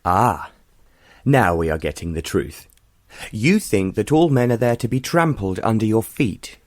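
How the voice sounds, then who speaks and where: A male audiobook reader voicing an arrogant young gentleman who teases in a mocking drawl. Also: on the low side, animated, a little slow, no room sound, studio quality. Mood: teasing.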